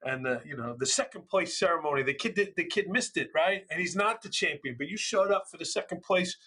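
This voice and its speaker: Middle-aged New educator; loud, passionate storyteller, slightly high, bright tone. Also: male voice, fairly quick. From New York. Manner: passionate, loud, storytelling with animated quoted voices. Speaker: school administrator, guest. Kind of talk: conversational interview.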